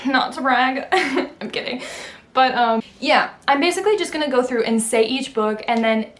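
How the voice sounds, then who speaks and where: Chatty young woman rambling about books. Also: on the high side. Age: young adult. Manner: chatty, rambling, many fillers and self-corrections; self-deprecating, laughs at herself. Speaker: book vlogger. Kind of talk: casual chat.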